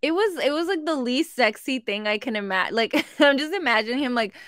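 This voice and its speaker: A woman co-hosting a book club podcast, her voice sitting a little high. She laughs as she talks and mixes in Spanish phrases. The sound is dry and close, with no room echo. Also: lively intonation, a little fast, a bit bright. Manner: laughing, switches between English and Spanish. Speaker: podcast co-host. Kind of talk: casual book club chat.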